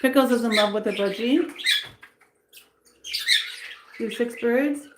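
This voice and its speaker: Woman host, casual rambling livestream chat, bird room with birds clearly audible. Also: on the high side, slow pace. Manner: chatty, rambling, coos at her birds. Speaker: pet channel host. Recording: clear bird noise in the background. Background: birds chirping and squawking.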